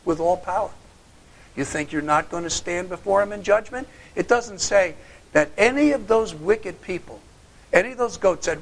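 A male pastor delivers a sermon, challenging his listeners with pointed rhetorical questions. He moves back and forth between loud confrontation and soft, low-voiced asides.

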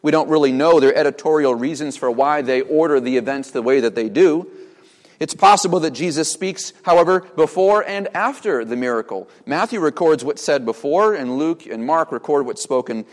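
A man's voice: fairly high pitch, moderate pace. Preaching man in a reverberant church. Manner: animated preaching with rhetorical questions. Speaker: pastor. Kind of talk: sermon. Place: church sanctuary.

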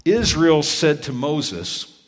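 A man's voice: on the high side, very animated, slow pace. Guy preaching, telling his story, acts out the lines, big reverb hall. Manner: earnest storyteller who acts out dialogue. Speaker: pastor. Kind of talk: sermon storytelling.

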